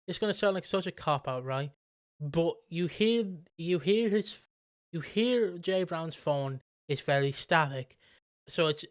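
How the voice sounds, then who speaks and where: A man co-hosting a casual podcast, rambling through his points with lots of restarts and swearing. His voice sits a bit high and sounds smooth and clear. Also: no room sound, clean studio sound. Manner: rambling, animated, swears freely. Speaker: podcast co-host.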